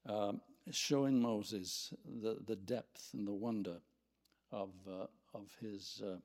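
Male Bible teacher, slow and reflective, reads scripture aloud. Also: mid-range voice, warm tone. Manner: reflective, reads scripture aloud, pauses to find his place.

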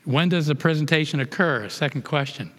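A man's voice: fairly high pitch, brisk, a bit bright, big-room sound. A man leading a Bible study lesson, reading verses aloud and explaining them to a group, often rereading and restarting phrases.

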